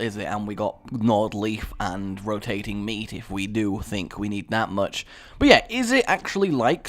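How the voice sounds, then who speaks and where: A young English man giving chatty, sarcastic let's-play commentary, rambling into asides and breaking into excited yelps. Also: on the low side. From England. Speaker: gaming YouTuber.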